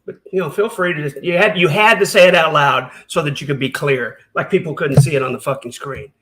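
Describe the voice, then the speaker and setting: A high-pitched man delivers angry reaction commentary. He is sarcastic and heated, swearing often as he rants. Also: fairly quick, a bit bright, a little hiss or hum. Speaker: commentary channel host.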